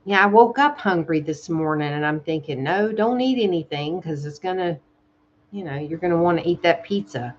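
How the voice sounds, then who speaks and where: Woman, Southern American accent, casual live-stream chat, soft-spoken, a bit dull and lo-fi audio. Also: low voice, normal speed, a little hiss or hum. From Southern United States. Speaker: ASMR channel host. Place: home in Thailand.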